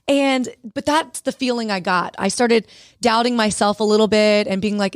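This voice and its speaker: A woman, an author and guest on a radio show, telling lively stories and acting out the dialogue. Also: on the high side, brisk, dry recording, studio quality. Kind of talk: conversational interview storytelling. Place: radio studio.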